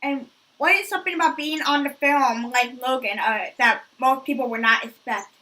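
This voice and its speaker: Woman host interviewer, high and bright, short polite questions. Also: moderate pace.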